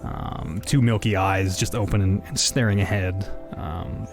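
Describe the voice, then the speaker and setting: A man narrating a tabletop game as game master, hesitant and animated, with many pauses and restarts. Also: low voice, creaky, soft background music.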